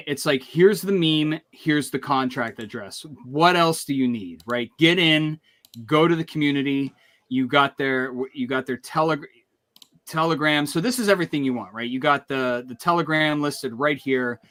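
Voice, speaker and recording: A man's voice: a little high, sharp tone. Upbeat man hosting a livestream. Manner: upbeat hype, rambling restarts. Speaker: livestream host. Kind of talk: casual livestream chat.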